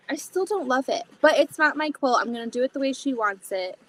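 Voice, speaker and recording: A woman's voice: high voice, lively intonation, a little fast, few pauses, a little hiss or hum. A woman hosting a casual sewing livestream, chatting to viewers and thinking aloud as she cuts fabric. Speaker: livestream host.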